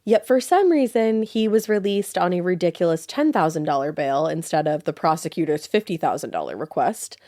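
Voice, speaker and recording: Chatty woman, low voice. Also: animated, fairly quick, hardly any pauses, warm tone, dry recording, clean studio sound. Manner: chatty, swears casually, wry. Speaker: podcast co-host. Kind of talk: casual true-crime chat.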